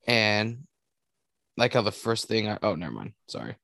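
A man's voice: on the low side, very animated, moderate pace, creaky, fairly bright tone, no echo, clean studio sound. A man co-hosting a casual sports podcast, swearing freely and rambling until he loses his thread. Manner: profane, rambling, loses his train of thought. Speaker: podcast co-host.

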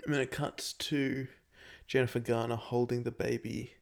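A man's voice: medium pitch, level tone, moderate pace, gravelly. A young man co-hosting a casual podcast, talking earnestly and fondly about films. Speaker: podcast co-host.

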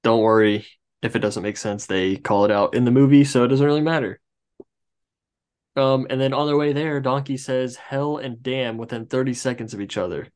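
A man's voice: mid-range voice, steady tone, normal speed, darkish tone. A man co-hosting a podcast, casually reviewing a movie and rambling through trivia asides. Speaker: podcast co-host.

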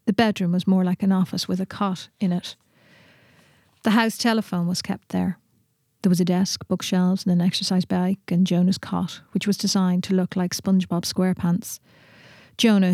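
A woman reading a literary short story aloud in a steady, measured way in a studio. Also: lowish voice, no echo.

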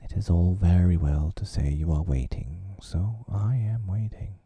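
A man's voice: sits low, a little slow, mellow, no echo, exaggerated voice. Man whispering as a pompous, proud father. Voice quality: whispered, gravelly. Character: pompous self-pitying father, adult man. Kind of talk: whispered role-play.

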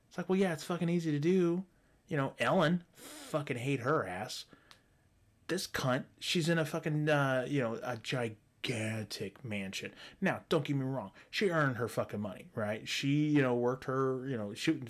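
A man's voice: medium pitch, moderate pace. A man delivering a profane, heated monologue as a podcast host, sarcastic and mocking others in put-on voices. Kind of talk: ranting monologue.

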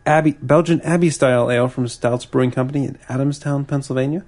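A man co-hosting a podcast, chatting casually through a beer tasting in a relaxed, rambling way, often restarting his sentences. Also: medium pitch, quick pace. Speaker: podcast co-host.

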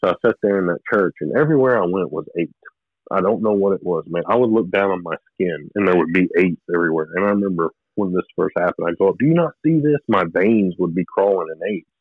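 A man telling his own story as an interview guest, rambling and halting in an earnest, confessional way. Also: low-pitched, dry recording. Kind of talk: personal testimony in conversation. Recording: narrow phone-like line, dry.

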